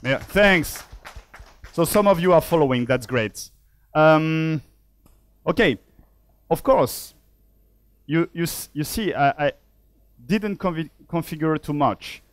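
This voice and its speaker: A man's voice: a little high, lively intonation, dry recording. A man from Switzerland gives a conference talk with live coding. He thinks aloud while typing and jokes about himself along the way. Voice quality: measured, self-deprecating. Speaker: conference speaker. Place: conference hall.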